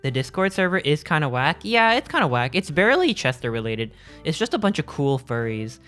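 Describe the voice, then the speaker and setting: A man's voice: fairly high pitch, big pitch swings, a little fast, fairly bright tone. Male streamer, loose and jokey, talks in fits and starts; faint guitar music in the background. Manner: rambling, jokey, self-interrupting. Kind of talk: casual chat with live chat.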